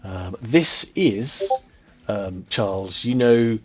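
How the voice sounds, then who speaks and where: A man narrating a tabletop game as game master, describing scenes with many pauses and fillers. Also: on the low side, expressive, slightly rough, highs cut off. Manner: hesitant, many ums, describing slowly.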